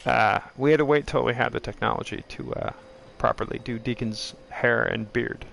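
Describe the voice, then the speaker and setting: A man's voice: medium pitch, steady tone, a bit bright, a little hiss or hum. A man doing a comic impression of an older male filmmaker who rambles with lots of "uh" fillers. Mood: rambling. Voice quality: gravelly, many drawn-out "uh" fillers.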